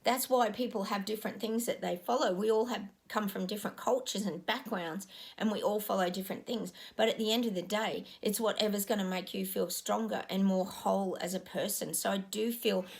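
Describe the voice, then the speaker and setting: A middle-aged woman talks straight to her audience in a loose, rambling way, filling gaps with ums. Her voice has a gravelly edge, and her pitch sits in a mid range for a woman. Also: steady tone, brisk. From Australia. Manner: rambling, earnest, with frequent ums. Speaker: psychic giving predictions. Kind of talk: casual monologue to viewers.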